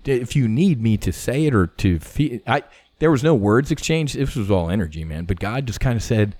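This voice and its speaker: A middle-aged man, a former fighter pilot, telling stories as a podcast guest in a casual, animated way, swearing freely and full of "you know" fillers. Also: fairly low pitch, brisk, dry recording. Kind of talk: casual conversational storytelling.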